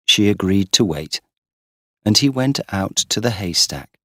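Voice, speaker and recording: A man reading a simple story aloud for English learners, slow and deliberate. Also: lowish voice, animated, a bit bright, dry recording, clean studio sound. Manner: slow, deliberate, clearly paced. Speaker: audiobook narrator. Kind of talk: scripted narration for English learners.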